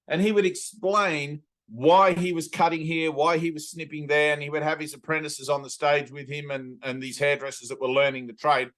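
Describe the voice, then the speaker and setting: Over a video call, a man from Australia leads a satsang talk as a spiritual teacher, rambling through stories and putting on playful voices. He has a somewhat high, slightly bright voice.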